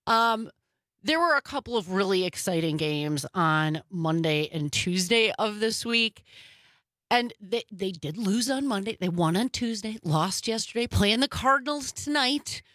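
A woman hosting a talk radio show, chatting in an animated way and telling stories. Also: mid-range voice, a little slow, no echo, clean studio sound. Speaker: radio host.

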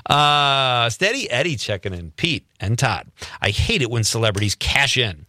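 A man's voice: mid-range voice, expressive, normal speed, bright, forceful tone, no echo. A man hosting a casual radio talk show in a studio, reading listener texts aloud and laughing often.

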